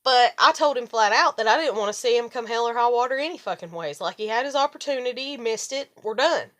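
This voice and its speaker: A middle-aged woman vlogging in a rambling, profane monologue, animated when she retells arguments. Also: fairly high pitch, fast. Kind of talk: casual monologue to camera.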